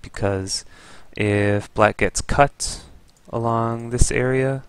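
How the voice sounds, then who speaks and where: A man's voice: mid-range voice, steady tone, slow, clear, resonant tone, no room sound. A man giving an easygoing, explanatory review of a Go game as a teacher.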